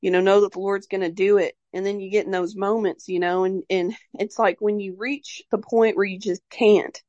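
A woman's voice: mid-range voice, little pitch movement, normal speed, warm tone, dry recording, lo-fi sound. A young woman telling a personal story in a casual, rambling way, full of "like" and fillers, emotional and devout in tone. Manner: rambling, heavy use of "like" and fillers; openly emotional and religious in tone. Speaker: mother sharing her birth story.

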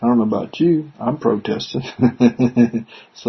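Man, gravelly, very husky voice, slow delivery, lo-fi muffled recording, bible teaching. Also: medium pitch. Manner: reads verses then explains them conversationally. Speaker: preacher. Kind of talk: scripture reading and commentary. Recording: dull lo-fi recording.

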